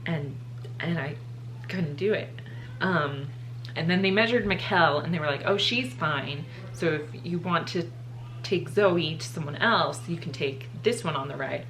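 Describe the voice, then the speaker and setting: A woman's voice: low voice, unhurried, fairly bright tone, a little hiss or hum. A young woman telling a personal storytime to her channel, emotional and choking up as she talks. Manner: emotional, choking up and laughing through tears. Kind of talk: casual storytime.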